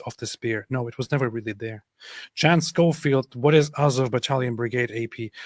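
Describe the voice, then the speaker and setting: Thirties guy ranting on stream, sarcastic, keeps repeating himself, dry close mic, middle pitch. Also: fairly bright tone, no room sound. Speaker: livestream host. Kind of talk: casual commentary reading viewer chat.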